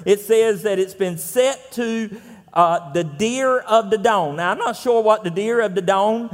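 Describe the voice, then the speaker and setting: A Southern US man preaching a sermon in a relaxed, folksy, conversational way, often pausing on fillers. His voice sits high for a man, and a long reverb from a large church room trails every phrase. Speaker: pastor.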